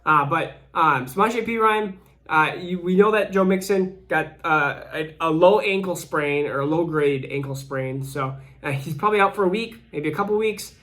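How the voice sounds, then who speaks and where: A man's voice: on the high side, normal speed, fairly bright tone. A man in his thirties, a channel host, giving casual solo fantasy football commentary while out of breath from recovering, rambling with many restarts. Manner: rambling, frequent restarts and fillers.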